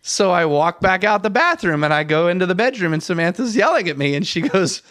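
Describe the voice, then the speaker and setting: A middle-aged man in casual podcast chat, telling a story with lively acted-out lines. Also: high voice, a little fast, hardly any pauses, dry recording, clean studio sound. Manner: animated storyteller, acts out his own lines. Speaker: podcast guest.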